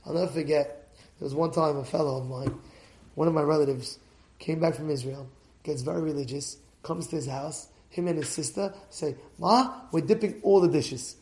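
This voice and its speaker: A man who is a rabbi, telling a sermon story in an animated way, dropping to a hush and rising to shouts. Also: on the high side, a little fast, reverberant. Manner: animated, acts out voices, swings between hushed and shouting.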